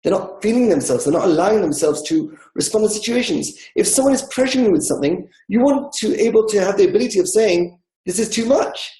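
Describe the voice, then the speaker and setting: A man's voice: sits high, lively intonation, fast, few pauses, warm tone, roomy sound, low-quality recording. A man teaching a discussion class, explaining with everyday examples and acting out inner dialogue.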